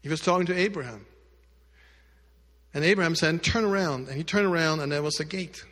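A male pastor telling a story in a sermon, addressing the congregation directly and moving between loud emphatic lines and hushed quiet ones. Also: fairly high pitch, brisk, in a large hall. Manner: speaks directly to the congregation with asides.

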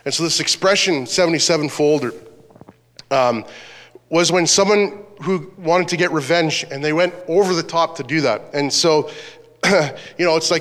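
A man's voice: on the high side, moderate pace, fairly bright tone. Man preaching in a reverberant hall. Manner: earnest preaching, reading scripture aloud. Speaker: pastor. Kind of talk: sermon.

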